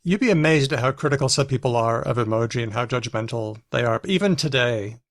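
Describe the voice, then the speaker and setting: A man's voice: medium pitch, animated, fairly quick, no echo. Man podcast co-host, explanatory, on video call, dry recording. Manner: explanatory, discusses research studies. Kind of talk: casual chat.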